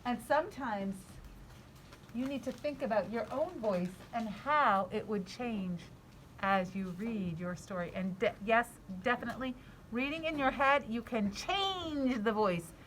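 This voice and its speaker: An animated woman teacher in her thirties reads aloud to her class, her fairly high voice swinging expressively to keep the children engaged. Her encouragement is warm and lively, with a faint hiss of background noise. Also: a little slow.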